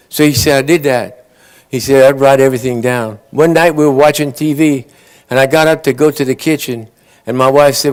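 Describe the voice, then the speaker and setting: A man tells long, rambling jokes at a conference awards ceremony. His voice sits at an ordinary middle pitch, and he slips briefly into his characters' lines as he goes. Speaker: after-dinner joke teller. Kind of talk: folksy joke telling.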